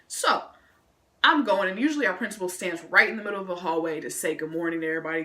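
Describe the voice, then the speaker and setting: A woman vlogger telling a story from school in an animated, slangy way, adding her own sound effects. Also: lowish voice, quick pace. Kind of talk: casual storytime vlog.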